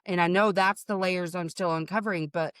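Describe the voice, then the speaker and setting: A woman's voice: on the low side, steady tone, a little fast, a bit bright, clear, resonant tone, dry recording, clean studio sound. A woman guest on a podcast, talking frankly in casual chat, swearing freely and calling people honey.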